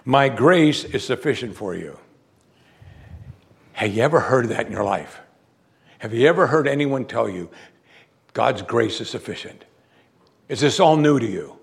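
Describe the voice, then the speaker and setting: Male preacher, gravelly voice, emphatic, asks rhetorical questions, reads scripture in between. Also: mid-range voice, expressive, measured pace, long pauses. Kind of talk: sermon.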